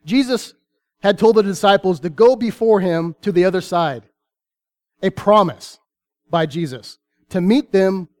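Man, preacher, high-pitched, earnest sermon delivery, deliberate pauses. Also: a little mellow. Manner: earnest, dramatic pauses, reads scripture aloud.

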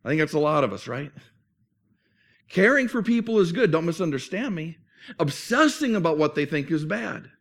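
A man's voice: fairly high pitch, big pitch swings, normal speed, fairly bright tone. A man preaching a sermon as pastor, earnest and conversational, often restarting phrases.

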